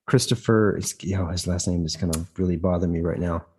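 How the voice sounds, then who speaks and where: A man with a lowish, husky voice, talking as a podcast guest. He tells a long story in conversation, stumbling over restarts and repeated words. His delivery grows emphatic and heated as he goes. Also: steady tone, brisk, darkish tone. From United States. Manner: emphatic, heated when recounting conflict. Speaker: guest actor.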